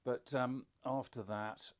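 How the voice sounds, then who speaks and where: A man's voice: medium pitch, fairly even intonation, slow pace. An older man, a podcast co-host and father, telling stories in casual conversation with dry, self-deprecating humour.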